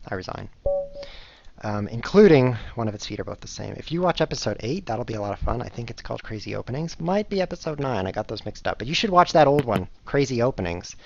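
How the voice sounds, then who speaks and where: A man's voice: mid-range voice, very animated, fast talker, creaky, no room sound. A man streaming chess live, chatting casually to viewers in a rambling, self-mocking way as he plays. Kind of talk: casual live-stream commentary while playing. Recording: dull lo-fi recording with faint noise.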